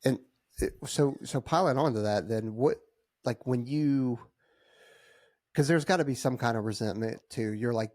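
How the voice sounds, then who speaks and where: A man's voice: mid-range voice, moderate pace, a little mellow, no room sound, clean studio sound. A man co-hosting a chat, asking probing, layered questions. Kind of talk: casual chat.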